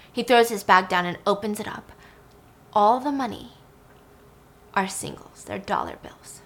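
A woman recapping a film in a chatty, animated way, swearing now and then. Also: medium pitch, moderate pace.

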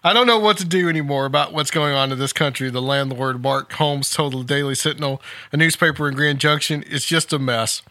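Bright, amused man reading the news aloud. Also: a little high, fairly quick, dry recording, clean studio sound. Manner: amused, laughs while reading. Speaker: podcast host. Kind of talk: casual commentary reading a news article.

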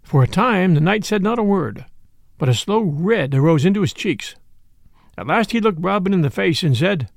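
A man reading a classic adventure story aloud in a measured, expressive way. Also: high voice, creaky, dry recording, studio quality.

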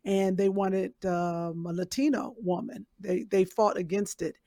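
A woman actress chatting as a podcast guest, talking with quick restarts and laughs. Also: medium pitch, fairly even intonation, warm tone. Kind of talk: casual chat.

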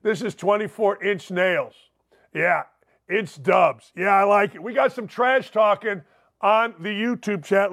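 Brash, high-pitched sports talk host man. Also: normal speed. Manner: brash, animated, reads listener emails with loud gusto. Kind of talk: sports talk radio monologue.

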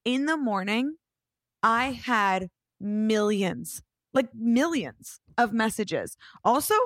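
Animated woman telling a story. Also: on the high side, takes it slowly, no echo, clean studio sound. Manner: animated, swears casually, acts out quotes. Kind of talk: casual storytelling chat.

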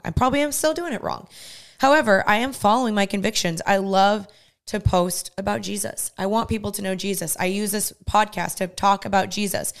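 Earnest young woman, smooth clear voice. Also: mid-range voice. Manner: earnest, talks through her faith with quoted asides. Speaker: podcast co-host. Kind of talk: casual podcast chat.

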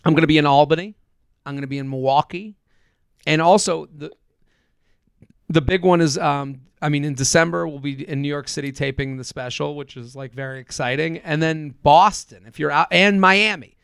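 A comedian chatting casually on a podcast, rambling with many fillers and restarts. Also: male voice, a little high, normal speed, gravelly, fairly bright tone, clear, resonant tone, no echo, clean studio sound.

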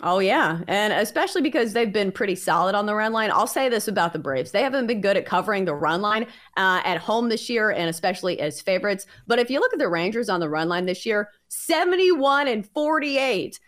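Lively Southern woman talking bets. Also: medium pitch, fairly quick, hardly any pauses. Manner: chatty, breezy, self-teasing. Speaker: sports betting podcast co-host. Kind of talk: casual sports betting chat.

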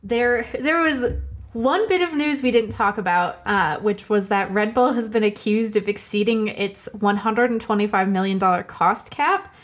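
A woman's voice: mid-range voice, normal speed, hardly any pauses. A woman co-hosting a casual podcast chat, blunt and dryly teasing. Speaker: podcast co-host.

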